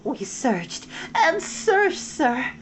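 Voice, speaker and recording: A man's voice: very high voice, big pitch swings, drawn-out words, fairly bright tone, voice pushed up, full character voice. A man voicing a stammering nervous vixen. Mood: pleading. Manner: stammering, pleading. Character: nervous, fawning female fox, young adult.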